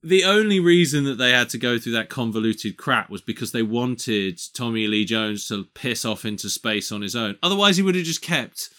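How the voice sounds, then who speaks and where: An animated man co-hosts a podcast, excitedly recounting a film's plot and swearing freely. His voice sits mid-range and has a bright, forceful edge. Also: mid-range voice, moderate pace, hardly any pauses. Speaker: podcast co-host. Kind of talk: casual film-review chat.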